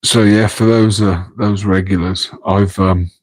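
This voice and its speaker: A man with an English Midlands accent chatting on a late-night live stream from home. His voice sits very low and stays flat, with little rise and fall. He rambles, makes fun of himself and talks back to the comments, keeping quiet so he won't wake the house. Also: a little slow, rough recording. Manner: rambling, self-deprecating, chatting to viewers in chat. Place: home, room next to an aquarium tank. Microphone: microphone on a tripod.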